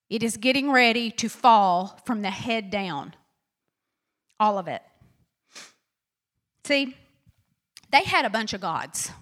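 A woman pastor preaching a sermon in an animated, conversational way and acting out the quotes. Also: medium pitch, slow, pauses often.

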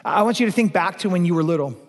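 A male pastor preaching a sermon, emphatic, asking rhetorical questions and swinging between loud declarations and hushed lines. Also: high-pitched, lively intonation, rapid-fire. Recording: long reverb of a large hall.

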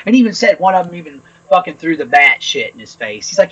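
A man's voice: a little high, expressive, fast talker, few pauses, sharp tone, husky, rough recording. A man co-hosting a podcast in casual chat, blunt and opinionated, swearing freely. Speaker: podcast co-host.

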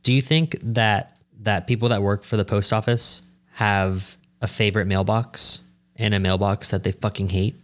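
A man's voice: lowish voice, fairly even intonation, normal speed, fairly bright tone. A man co-hosting a podcast, joking in an offhand way with casual swearing. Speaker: podcast co-host. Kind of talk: casual chat.

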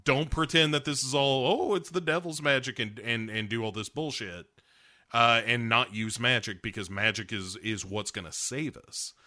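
This is a man co-hosting a loose, casual recap podcast. His voice has a bright, forward ring. He acts out the characters' lines with gusto and swears freely along the way. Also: medium pitch, moderate pace. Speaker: podcast co-host recapping a TV episode. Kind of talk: casual chat.

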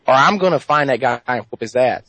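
A deadpan, menacing redneck caller with a slow rural Southern US drawl, as a man puts him on for a prank call. The voice sits mid-range and sounds close and dry, with no room around it. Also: mid-range voice, no echo, poor audio. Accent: Southern US rural put-on.

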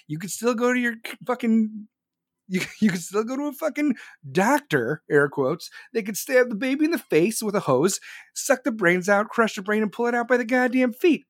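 A young man with a high voice rants sarcastically at his stream chat, swearing at nearly every turn. His sound is dry and close, with no room echo at all. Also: lively intonation, moderate pace. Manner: crude, sarcastic, swears constantly, laughs at own jokes. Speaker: livestream host reading chat. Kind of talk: profane rant reacting to chat.

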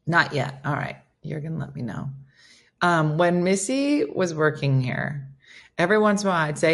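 A woman's voice: lowish voice, lively intonation, moderate pace, gravelly, long pauses, fairly bright tone. A woman hosting a casual morning livestream, chatting playfully with viewers and her dog. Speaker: livestream host. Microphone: phone.

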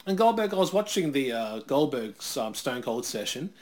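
A man's voice: medium pitch, sing-song, normal speed, a little mellow. A man co-hosting a casual wrestling watch-along, laid-back and rambling, laughing often. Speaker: podcast co-host.

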